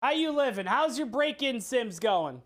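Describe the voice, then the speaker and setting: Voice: medium pitch, big pitch swings, normal speed, a bit bright. Live-stream cook, chatty and profane, rambling anecdotes between recipe steps. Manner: rambling, profane storytelling with restarts. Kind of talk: casual chat with live chat while cooking.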